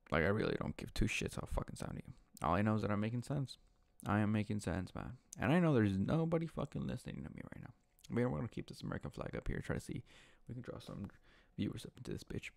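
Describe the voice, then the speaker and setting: A man's voice: lowish voice, gravelly. A man hosting his own online show, delivering a heated, profane rant from home with lots of swearing and repetition. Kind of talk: profane ranting monologue.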